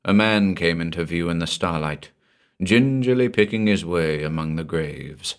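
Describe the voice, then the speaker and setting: A man narrating a horror story in a deliberate, dramatic way. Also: low voice, animated, clear, resonant tone.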